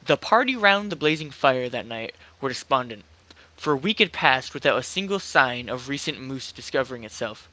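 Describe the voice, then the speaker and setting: A man's voice: mid-range voice, lively intonation, normal speed, pushed and bright, no room sound, rough recording. A young man casually reading a horror story aloud as an amateur reader, hesitant and stumbling now and then. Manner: hesitant, stumbles and restarts, lots of "like".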